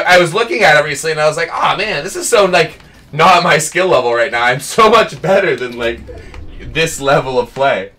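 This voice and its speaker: A man's voice: on the high side, a bit bright. A young man streaming a video game, chatting casually to his viewers in a rambling way, laughing often. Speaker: gaming streamer.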